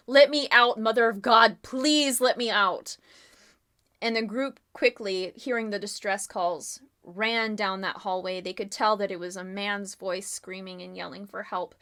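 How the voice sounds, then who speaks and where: A woman's voice: mid-range voice, fairly bright tone. A woman running a live-streamed murder mystery game as game master, casual and giggly with lots of fillers.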